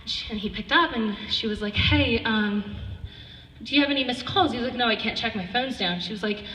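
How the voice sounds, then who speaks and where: A woman's voice: on the high side, a little fast, sharp tone, distant mic. Teen girl speaking in an echoey hall. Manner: casual, chatty, full of "like" and acted-out quotes. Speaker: student speaker at a charity event. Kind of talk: personal storytelling speech.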